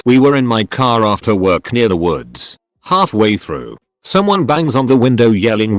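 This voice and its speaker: A man reading out online stories as a scripted narration, with a lively, comic delivery on a studio mic. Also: lowish voice, unhurried, few pauses, no echo. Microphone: studio voice-over mic.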